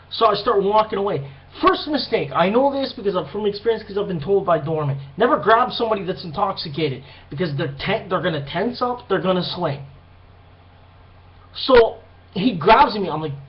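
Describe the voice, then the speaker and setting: Young man, high voice, swearing and rambling through a bar story, dull lo-fi recording. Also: moderate pace. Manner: profane, rambling, animated retelling. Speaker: vlogger. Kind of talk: casual storytelling monologue.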